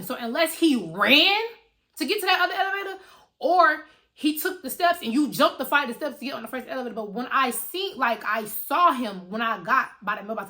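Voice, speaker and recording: A young woman vlogger telling a story in a casual, animated and profane way, talking straight to her viewers. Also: a little high.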